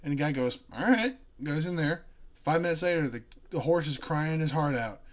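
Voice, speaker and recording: Joking young man, higher voice. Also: brisk. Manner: laughs often, tells long jokes with voiced characters. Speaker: co-host. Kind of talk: casual chat, telling jokes.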